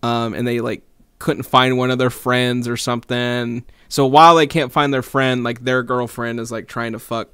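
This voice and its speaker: Tell it like you're catching your friend up on a wild party: casual, animated, jump into the other people's voices, laugh through it, close to a dry mic, middle pitch. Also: male voice, normal speed, clean tone, dry recording. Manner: animated, acts out quoted voices, laughs often. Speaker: podcast co-host. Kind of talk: casual storytelling chat.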